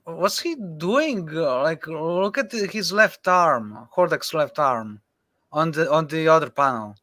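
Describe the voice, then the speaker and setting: Man, co-host: high, unhurried, giggly disbelief. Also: expressive, pushed and bright, no room sound. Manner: giggly, incredulous. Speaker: podcast co-host. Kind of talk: casual comic review chat.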